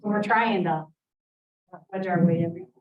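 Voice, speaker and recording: Halting woman giving updates, mic far off. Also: on the low side, lo-fi sound. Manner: halting, with fillers and restarts. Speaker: staff member giving program updates. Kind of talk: meeting update. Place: county meeting room. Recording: distant mic in a meeting room.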